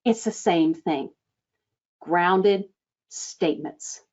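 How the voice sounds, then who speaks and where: A woman coaching front-desk staff on phone scheduling, acting out sample lines with lively changes of tone. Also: fairly low pitch, drawn-out words, lo-fi sound. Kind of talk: instructional talk.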